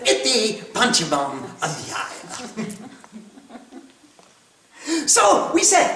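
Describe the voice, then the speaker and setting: A scripture teacher reading and retelling a sacred text with chanted verses and frequent laughter. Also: mid-range voice. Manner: slow, animated, laughing often. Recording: roomy, from a distance.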